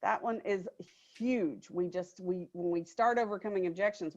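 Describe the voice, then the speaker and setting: A woman's voice: on the low side, normal speed. Chatty woman sales trainer, muffled audio. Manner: chatty, animated storyteller who acts out customers. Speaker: new home sales trainer. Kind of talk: conversational sales coaching talk. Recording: slightly dull, muffled audio.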